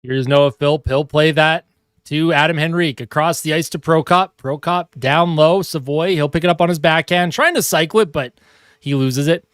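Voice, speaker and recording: A young man giving casual live hockey play-by-play from his home, excitable and chatty. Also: on the high side, normal speed, clean tone, no echo, studio quality. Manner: excitable calls that break off to coo at his cat. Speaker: fan streamer doing live play-by-play. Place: home room at his monitor.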